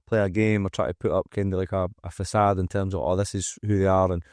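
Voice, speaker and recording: A man's voice: low-pitched, level tone, fast, darkish tone, clean tone, dry recording. Frank Scottish man, swearing freely. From Scotland. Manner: frank and emphatic, swears freely, acts out quotes. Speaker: guest, fitness coach and gym owner. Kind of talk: candid podcast conversation. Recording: dry close-miked studio sound.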